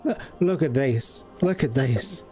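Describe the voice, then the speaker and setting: A man's voice: mid-range voice, animated, measured pace, a little mellow, soft background music, close to an everyday voice. A man voicing a plump, motherly female neighborhood cat who fusses and calls everyone honey. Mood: fussing. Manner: fussing, calls others honey and baby.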